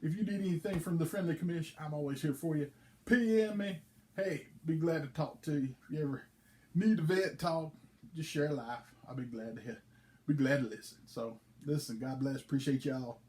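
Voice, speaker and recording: A man's voice: fairly high pitch, moderate pace. A man, a league commissioner, chatting casually and telling a folksy joke. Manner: folksy, relaxed storytelling.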